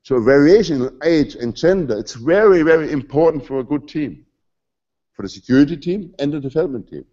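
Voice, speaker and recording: A man's voice: a little high, animated, brisk, dark tone, muffled recording. A man in his forties with a German accent giving a conversational, emphatic conference talk in a hall. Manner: conversational, emphatic, slightly non-native phrasing. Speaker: conference speaker.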